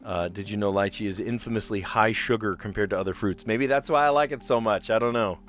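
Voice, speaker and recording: A man's voice: fairly low pitch, fairly quick, faint music behind. A man chatting casually on a puzzle live stream, rambling and explaining where words come from. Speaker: streamer playing word puzzles.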